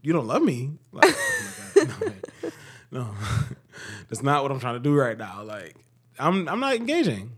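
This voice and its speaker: Lively joking man on a podcast. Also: mid-range voice, measured pace, husky. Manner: joking, sarcastic, animated storytelling. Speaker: podcast co-host. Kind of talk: casual chat.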